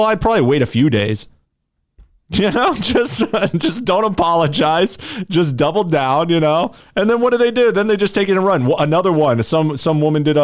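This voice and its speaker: A young man hosting a casual podcast chat, brash and joking, laughing at his own lines. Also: mid-range voice. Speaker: podcast host.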